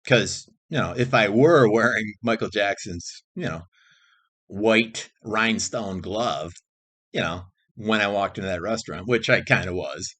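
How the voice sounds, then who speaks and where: A man's voice: fairly low pitch, lively intonation, normal speed, bright, forceful tone. A man vlogging in a rambling, casual monologue, cursing freely, restarting sentences and jumping between topics. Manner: frequent restarts and repeated phrases.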